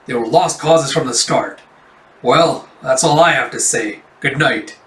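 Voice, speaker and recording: A man's voice: medium pitch, measured pace, a bit bright, lightly acted. A man reading the lines of a grumpy old storytelling master who speaks in curt, dismissive, formal sentences. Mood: cold. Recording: roomy, distant mic.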